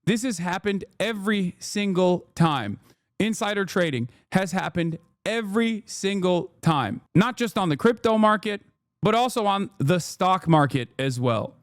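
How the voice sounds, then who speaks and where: A man's voice: high-pitched, expressive, measured pace, no room sound, studio quality. A man giving casual live-stream commentary, ranting sarcastically and swearing as he reacts to the news. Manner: ranting, sarcastic, profane, repeats phrases.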